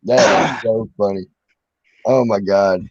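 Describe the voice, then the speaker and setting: A man's voice: on the low side, fairly even intonation, slow pace, no echo. Laid-back male host, dry lo-fi sound. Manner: laid-back, laughs often, blunt. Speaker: podcast host. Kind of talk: casual chat. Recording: dry lo-fi audio.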